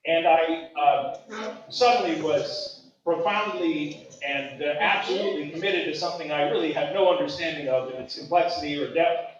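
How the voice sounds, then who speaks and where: A man from Maui telling an animated story at a gathering and acting out the voices he quotes. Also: fairly high pitch, normal speed. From Maui, Hawaii. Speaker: speaker sharing a memory at a gathering. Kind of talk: casual storytelling. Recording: echoey room, distant mic, dull sound.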